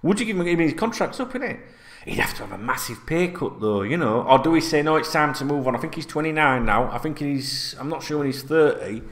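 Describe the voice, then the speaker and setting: A middle-aged man rambles through fan chat, swearing freely. His pitch sits a bit high and swings widely. He talks casually to his viewers like an old mate. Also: expressive, fast talker, a bit bright. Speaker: fan channel host.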